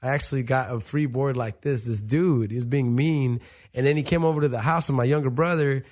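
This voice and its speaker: Animated, swearing young man telling stories. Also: medium pitch, brisk. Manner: animated, profane, acts out quoted dialogue. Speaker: guest, professional boxer. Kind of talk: casual storytelling chat. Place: podcast studio.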